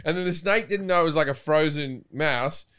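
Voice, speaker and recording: A man with an Australian accent telling loud, swear-filled anecdotes in casual podcast chat. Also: on the high side, moderate pace, clear, resonant tone. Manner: loud, swearing, does silly voices in anecdotes. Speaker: podcast guest. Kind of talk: casual storytelling.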